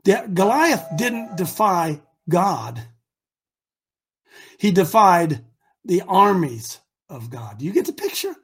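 A man preaching a sermon, retelling a story with animated shouts and slangy asides. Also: sits high, slow pace, breathy edge.

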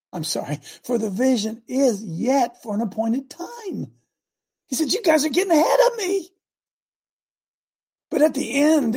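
Gravelly, husky preacher man. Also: high-pitched. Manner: animated, cries out and breaks into asides. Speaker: radio preacher host. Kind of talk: reading scripture with fiery commentary.

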